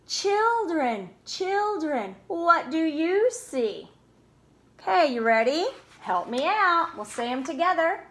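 A preschool teacher reads a picture book aloud in a slow, unhurried voice, stretching every word. Her high voice swoops up and down in a sing-song way, and she stops often for gentle questions to the children. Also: very animated. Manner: slow, sing-song storytime voice with playful asides.

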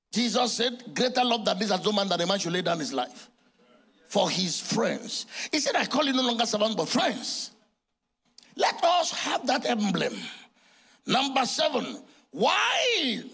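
Man in his 60s, Nigerian accent, church sermon, very high-pitched, husky tone. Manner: animated storytelling, acting out dialogue, often shouting. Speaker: pastor.

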